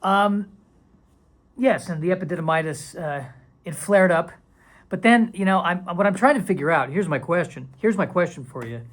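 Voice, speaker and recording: A man's voice: sits high, animated, normal speed, a bit bright. A man talking casually to camera in a vlog, rambling and playful, sometimes dropping into silly whispers and mock dramatic voices. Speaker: video creator.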